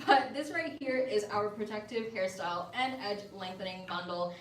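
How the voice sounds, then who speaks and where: A woman hosting a live shopping stream, chatting upbeat and casual with viewers as she pitches hair-care bundles. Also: moderate pace, far from the mic, a little hiss or hum. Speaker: livestream seller. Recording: echoey room, voice a bit off-mic, faint ambience.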